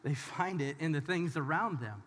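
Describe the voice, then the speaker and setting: A man's voice: a little high, lively intonation, normal speed, a bit bright, slight background noise. A man preaching a conversational sermon as pastor, talking straight to the audience in an informal, emphatic way. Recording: long hall reverb.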